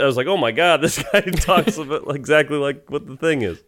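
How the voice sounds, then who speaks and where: A man's voice: on the high side, fairly quick, a bit bright, slight background noise. A man co-hosting a podcast in joking casual chat, often acting out other people's voices. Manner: joking, playful, acts out voices. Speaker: podcast co-host.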